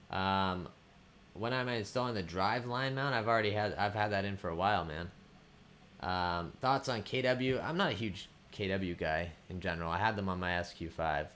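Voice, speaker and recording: A man from the Boston area hosting a casual livestream, relaxed, with many fillers, reading viewer questions aloud and answering them. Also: deep voice, a little hiss or hum. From Boston area, United States. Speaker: livestream host.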